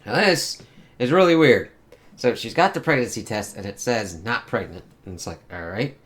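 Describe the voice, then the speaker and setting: A man's voice: on the low side, expressive, moderate pace, fairly bright tone. A man giving a casual spoiler review of a comic book, rambling and hesitant, swearing freely as he reacts.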